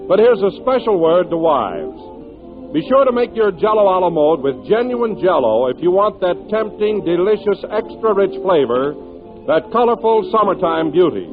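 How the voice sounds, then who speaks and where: A man's voice: high-pitched, big pitch swings, normal speed, over music. Upbeat man announcing on tinny old radio. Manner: smooth, upbeat and salesman-like. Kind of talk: 1930s radio commercial.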